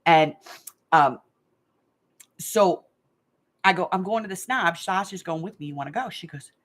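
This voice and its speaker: Speaking on the low side, unhurried and pausing often, a middle-aged woman chats and tells rambling stories while hosting a craft channel live game. She laughs frequently, and she's in a hot room at home.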